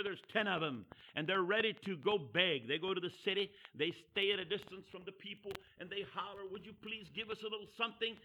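A man preaching a sermon as a story, animated, acting out the characters and swinging from hollering to hushed. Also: high voice, low-quality recording.

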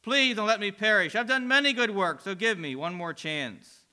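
A man's voice: high-pitched, moderate pace, sharp tone, voice pushed up. A man voicing a desperate damned man who sobs and begs for mercy. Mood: pleading. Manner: pleading, sobbing, begging.

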